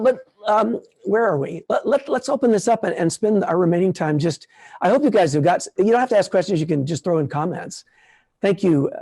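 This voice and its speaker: A man in his sixties, a puppeteer, talking casually at an online conference and answering questions, relaxed and rambling with many restarts. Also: a little high, gravelly, slightly rough. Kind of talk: casual talk and Q&A.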